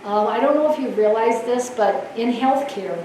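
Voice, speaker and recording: A woman giving a conference talk on nurse leadership, an animated storyteller who laughs often. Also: on the high side, moderate pace. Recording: echoey hall from far off, faint noise.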